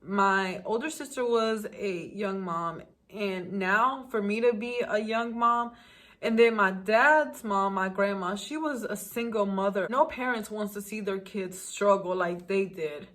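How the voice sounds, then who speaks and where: A woman's voice: mid-range voice, unhurried, a bit bright. A young woman from the United States telling a personal story in a casual storytime vlog. She is emotional and talks straight to her viewers. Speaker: vlogger.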